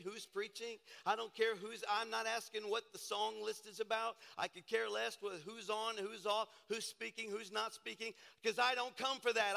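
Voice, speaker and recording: A man preaching a sermon as pastor, hoarse from shouting, chatty at times and then building to emphatic preaching. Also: sits high, long reverb tail.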